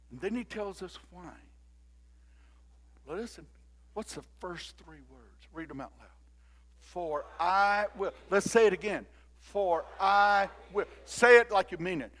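An older man preaches in a high voice. He leads his congregation in call-and-response and swings from quiet, close talk to loud exhortation. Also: a little slow. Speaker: pastor. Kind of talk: sermon.

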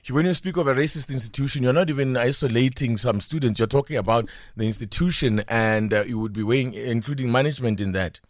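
A man's voice: medium pitch, fast talker, hardly any pauses, no echo, studio quality. A man with a South African accent hosting a breakfast radio interview, asking probing, conversational questions. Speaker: radio host.

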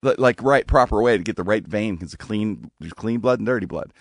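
A man telling family stories as a guest on a radio show, with an animated manner that acts out the voices of relatives. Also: on the low side, fairly quick, gravelly, no echo, clean studio sound. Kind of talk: casual storytelling. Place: radio studio.

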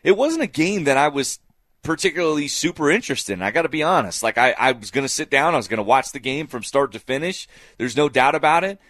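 A man's voice: fairly high pitch, animated, fast talker, a bit bright, no room sound, studio quality. Emphatic male sports talk host. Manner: emphatic, repeating phrases for effect.

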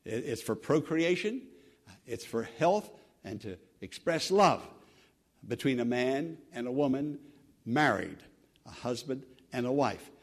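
A man preaching a sermon as pastor, earnest, swelling loud and then dropping to a hush, with halting restarts. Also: medium pitch, expressive.

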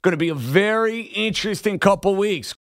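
A man with a thick New York accent hosting a sports radio show, energetic and emotional. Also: high-pitched, a little fast, a little hiss or hum. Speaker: radio host.

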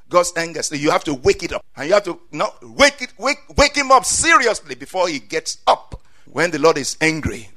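A male preacher giving a fervent sermon, saying amen often, repeating phrases and rising to loud peaks. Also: on the high side.

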